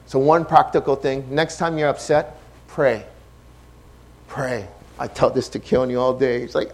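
A man preaching a sermon as pastor, impassioned, shifting between hushed and loud delivery. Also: medium pitch, measured pace, creaky, pauses often.

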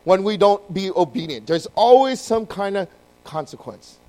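Man, high voice, preaching, lively storytelling, talks to the congregation. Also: normal speed, low-quality recording. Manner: animated storytelling, acts out voices; addresses congregation directly. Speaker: pastor. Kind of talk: sermon.

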